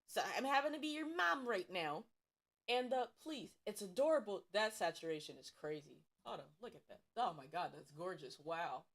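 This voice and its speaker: A woman's voice: mid-range voice, expressive, normal speed. A woman from Ohio chatting casually on a stream, swearing freely and repeating emphatic warnings. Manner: profane, emphatic, repetitive warnings. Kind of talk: casual livestream chat.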